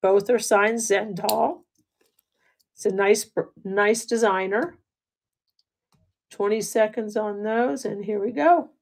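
A raspy-voiced woman running a live online jewelry auction, chatting with bidders, laughing often and thanking them by name. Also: mid-range voice, steady tone, takes it slowly, long pauses, a little mellow. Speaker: livestream jewelry seller. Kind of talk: live auction selling chat.

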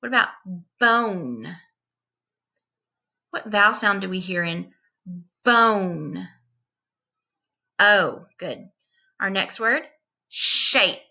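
A woman teacher giving a distance-learning phonics lesson to young children, repeating each word and sounding it out deliberately. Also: medium pitch, animated, creaky, bright, forceful tone, dull audio.

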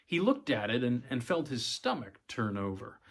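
A man's voice: medium pitch, very animated, moderate pace, gravelly, husky. A man narrating a short story, reading with occasional small stumbles and giving the characters' lines a livelier delivery. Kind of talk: audiobook-style story reading.

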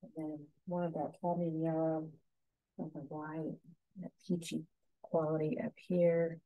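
A woman teaching a painting lesson, giving soft, unhurried step-by-step instructions. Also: sits low, little pitch movement, dry recording, phone-quality sound.

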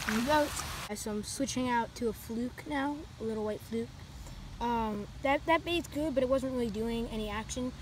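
A woman vlogging casually outdoors at a lake, chatty and excitable, with many fillers and a handheld camera. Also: fairly high pitch, moderate pace. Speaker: fishing vlogger. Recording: outdoor noise behind the voice.

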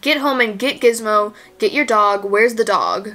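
A woman's voice: mid-range voice, unhurried, bright, forceful tone, faint music behind. A woman giving casual commentary as she reacts to a movie, exclaiming and gasping at the screen, anxious and near tears for the characters.

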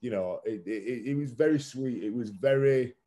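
This podcast guest, a man in his thirties, has a mid-range, dark-toned voice and speaks at normal speed. He tells his story candidly and conversationally, swearing at times and relying on lots of "like."

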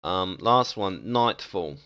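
A man's voice: deep voice, animated, slow, bright, forceful tone, clean tone, no echo, studio quality. A young man talking casually and hesitantly about game maps, with many ums and restarts. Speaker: gaming video creator. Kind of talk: casual game map ranking commentary.

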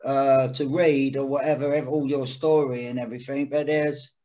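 A man's voice: mid-range voice, little pitch movement, normal speed, dark tone, highs cut off. A man hosting a casual podcast interview, rambling and hesitant with lots of fillers. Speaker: podcast host.

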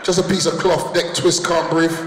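A man's voice: fairly high pitch, steady tone, moderate pace, fairly bright tone. A man doing stand-up, punchy and working the crowd on a big hall stage. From London. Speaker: stand-up comedian. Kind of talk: stand-up comedy. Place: large town hall stage. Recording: echoey hall with crowd noise.

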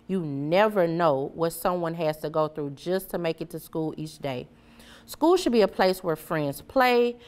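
Storybook hero, gentle caped man, steady and encouraging, lowish voice, read by a woman. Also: clear, resonant tone, lightly acted. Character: kind caped male superhero, gentle and reassuring.

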